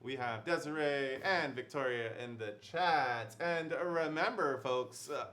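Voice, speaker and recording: A man's voice: mid-range voice, a little slow, fairly bright tone. Upbeat man hosting a game livestream. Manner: chatty and upbeat, with fillers and laughs. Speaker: livestream host. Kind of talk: casual livestream unboxing chat.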